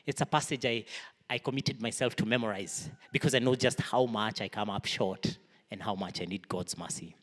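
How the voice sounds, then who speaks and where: A man's voice: lowish voice, normal speed. A man preaching a sermon to a church congregation, earnest, raising his voice for emphasis and then dropping to a near-whisper. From Kenya. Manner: earnest, swings between raised emphasis and soft near-whispers. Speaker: pastor. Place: church hall. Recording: long reverb of a large hall.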